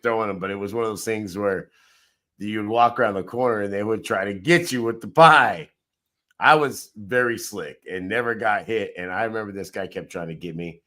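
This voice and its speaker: A man's voice: lowish voice, pushed and bright. A man co-hosting a podcast, chatting casually and telling an anecdote from his past. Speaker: podcast co-host. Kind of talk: casual chat and storytelling.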